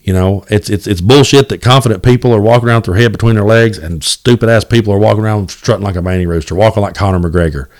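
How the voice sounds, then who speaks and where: A man's voice: lowish voice, fast talker, few pauses, a little mellow. A man hosting a solo podcast, talking in a blunt, fired-up and profane way, often repeating words as he restarts. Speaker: podcast host.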